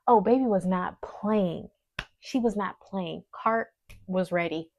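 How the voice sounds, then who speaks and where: A woman who runs a small business, talking casually and emotionally to her vlog audience, sometimes teary and soft. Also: mid-range voice, takes it slowly, pauses often, no room sound. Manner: emotional, teary, talks softly at times. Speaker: small business owner vlogger. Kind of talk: casual vlog talk to camera.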